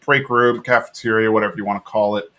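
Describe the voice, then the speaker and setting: A man's voice: lowish voice, steady tone, quick pace, sharp tone. A man co-hosting a podcast, casually retelling a cartoon episode with plenty of fillers and little laughs. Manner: rambling, lots of fillers and laughs. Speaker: podcast co-host. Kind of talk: casual recap chat.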